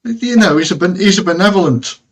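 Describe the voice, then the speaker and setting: A man's voice: sits high, expressive, brisk, slight background noise. A man from Stoke-on-Trent with a Midlands English accent, chatting as a guest with dry humour. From Stoke-on-Trent, England. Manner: laid-back, chuckling, dry humour. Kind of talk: casual chat.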